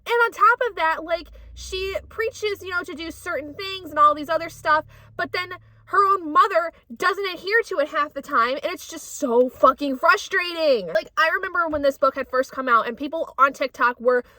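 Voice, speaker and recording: Brief: high-pitched, bright woman vlogger ranting, casual and sweary, dry close recording. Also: moderate pace, hardly any pauses, no room sound. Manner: heated ranting, swears often. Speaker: book vlogger. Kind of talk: casual vlog chat. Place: out running errands, on the go.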